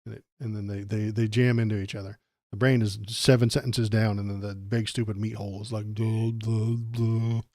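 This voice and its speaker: A man's voice: on the low side, flat delivery, brisk, a little mellow, no room sound. Sarcastic ranting male streamer, dry sound. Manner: sarcastic, ranting, stumbling over words. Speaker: political livestream host. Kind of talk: casual political commentary.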